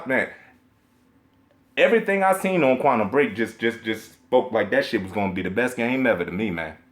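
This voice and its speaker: A young man ranting on a live stream about video games, profane and emphatic, repeating himself and laughing between points. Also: on the low side. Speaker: gaming streamer.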